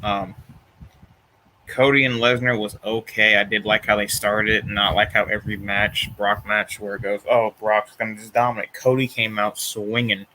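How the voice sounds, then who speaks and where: Young man, casual rambling chat, lowish pitch, bright tone, tired, faint background noise. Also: normal speed, poor audio. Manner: relaxed, rambling, many fillers and restarts. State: tired, yawning. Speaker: vlogger reviewing wrestling shows.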